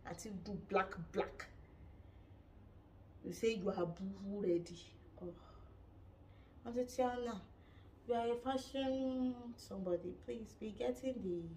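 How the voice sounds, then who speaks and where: A woman with a Nigerian accent giving a lively, dramatic gossip review of a reality show, laughing often. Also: mid-range voice, far from the mic, slight background noise. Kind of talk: casual gossip commentary.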